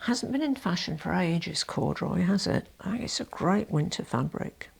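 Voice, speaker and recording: A low, gravelly woman chats to her viewers in a relaxed vlog. She talks in a chatty, self-deprecating way, full of little asides and restarts. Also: moderate pace. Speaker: fashion vlogger. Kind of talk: casual chat to camera.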